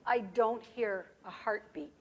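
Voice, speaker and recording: A woman voicing a gentle, blind male rabbit in a soft, earnest storybook voice. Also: medium pitch, slow pace, husky.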